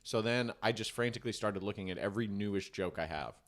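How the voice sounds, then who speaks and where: A man's voice: on the low side, fast talker. A man co-hosting a comedy podcast, telling a stand-up story in casual, swearing chat and acting out voices. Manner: animated storyteller, acts out crowd voices, swears freely.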